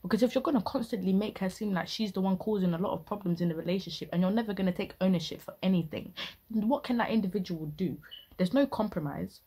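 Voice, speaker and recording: A woman's voice: mid-range voice, fast, mellow, breathy edge. A young woman ranting indignantly in casual reaction commentary, full of slang. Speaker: reaction video host.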